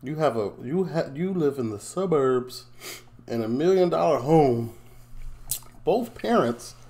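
A man's voice: on the high side, animated, unhurried, dark tone. A man from Chicago who hosts a reaction video, commenting casually and laughing often. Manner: amused, chatty, laughs often.

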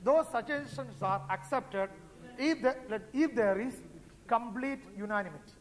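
A man's voice: very high-pitched, unhurried, long reverb tail, rough recording. A man with an Indian English accent arguing in a parliamentary debate, insistent and repeating himself over interruptions. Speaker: member of parliament. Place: large parliament chamber.

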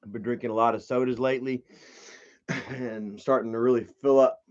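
A man's voice: mid-range voice, fairly even intonation, a little fast, dull audio. A young man hosting a live stream, reading viewer comments and telling a rambling story with plenty of swearing. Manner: rambling storyteller, swears freely, shouts when acting out a scene.

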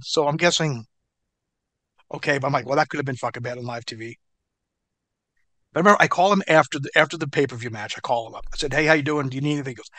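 A middle-aged American man, a former wrestler, telling an animated, profane story as an interview guest. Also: a little high, dry recording.

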